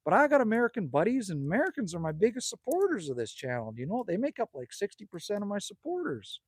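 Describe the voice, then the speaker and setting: A man's voice: high voice, no echo. A middle-aged man from Canada, chatting casually and rambling through viewer comments as a livestream host outdoors at a cabin. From Manitoba, Canada. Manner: chatty, rambling, jokey, calls people man and buddy. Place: outdoors at a cabin by a fire at night.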